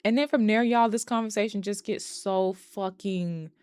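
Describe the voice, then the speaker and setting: A woman's voice: medium pitch, normal speed, darkish tone, clear, resonant tone, no room sound, clean studio sound. A woman recapping a movie plot in a casual, chatty way, swearing freely and throwing in exasperated asides. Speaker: movie reviewer.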